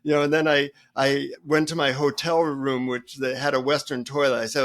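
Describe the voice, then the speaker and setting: A man guest on a podcast telling a funny story in an animated way. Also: mid-range voice, moderate pace, few pauses. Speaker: guest, author.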